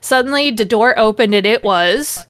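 Recorded in studio quality with no room sound, a woman's slightly high, somewhat bright voice moves at a normal pace. She performs a dramatic reading as a comedy bit for her podcast, breaking off to mock the text with sarcastic, foul-mouthed commentary.

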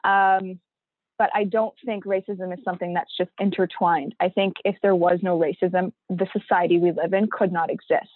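A woman's voice: fairly low pitch, little pitch movement, normal speed, no room sound. A young woman from Toronto, a podcast interview guest, explaining her views in an earnest, thoughtful way. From Toronto, Canada. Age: young adult. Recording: dry phone-like audio.

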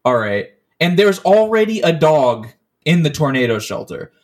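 A man with a slightly high voice chats casually on a podcast. He rambles through a long story, swearing freely and stumbling over restarts. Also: big pitch swings, normal speed. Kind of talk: casual chat.

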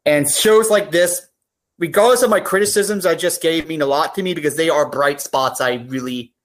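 A woman's voice: low-pitched, normal speed. Earnest woman guest on a podcast. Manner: earnest, gets emotional when serious. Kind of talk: casual podcast chat.

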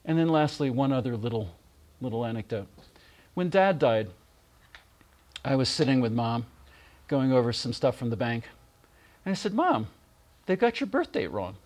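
A middle-aged man gently and warmly telling personal stories in a remembrance talk, with soft pauses. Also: mid-range voice, lively intonation. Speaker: speaker giving a spiritual reflection.

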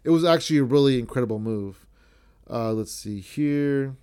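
A man's voice: mid-range voice, normal speed, darkish tone, clear, resonant tone. A man hosting a podcast, recapping a match in a rambling, profane, self-correcting way. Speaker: podcast host.

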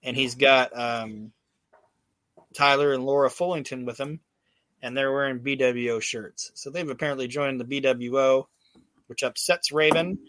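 A man's voice: medium pitch, fairly even intonation, moderate pace, fairly bright tone, no room sound. Man, podcast host, casual rambling recap, swears freely, lots of ums and restarts, dry close sound. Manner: rambling, profane storytelling with many fillers and restarts.

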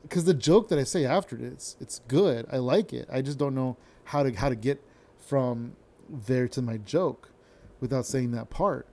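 On his own podcast, a young stand-up comedian talks loosely and wanders from topic to topic, with slurred words and plenty of swearing. He has a mellow, mid-range voice and keeps a moderate pace.

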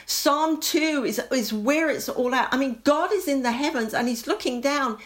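A woman giving an earnest, impassioned Christian testimony, sometimes dropping to a soft near-whisper when moved. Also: high-pitched, moderate pace. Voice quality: earnest, prayerful, rising to fervent intensity.

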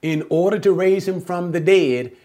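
A man's voice: sits high, normal speed, dark tone. A man teaching a Bible lesson, working through Greek phrases word by word and asking his listeners rhetorical questions that he then answers himself.

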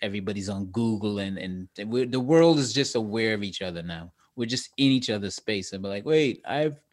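A man's voice: lowish voice, brisk. Laid-back man rambling in casual chat. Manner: rambling, restarts often, laughs between thoughts. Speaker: guest, actor and comedian.

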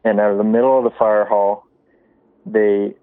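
Low-voiced man on a tinny phone line. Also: level tone, normal speed, clean tone, dry recording. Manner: rambling, lots of fillers and restarts. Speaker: caller. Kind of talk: casual call-in storytelling.

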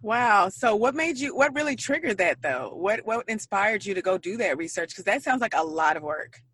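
A woman's voice: mid-range voice, animated, normal speed, fairly bright tone, breathy edge. A woman from Texas with a Texan accent, hosting a podcast interview in a bubbly, laughing manner. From Dallas, Texas. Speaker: podcast host.

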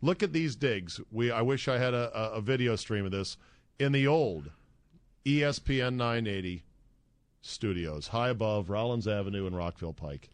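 A man's voice: fairly low pitch, normal speed, no room sound. A man hosting a sports talk podcast, delivering casual, sarcastic commentary.

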